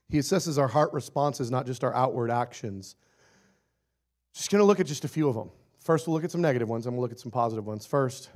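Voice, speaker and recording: A man preaching a sermon in a playful, animated way, acting out little scenes and laughing often. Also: mid-range voice.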